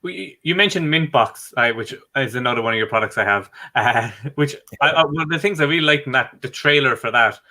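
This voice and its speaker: A man's voice: mid-range voice, animated, a little fast, hardly any pauses, bright, forceful tone. A man co-hosting a podcast interview, chatting in an easygoing way. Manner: easygoing, brief encouraging interjections. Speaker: podcast co-host. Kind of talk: casual interview chat.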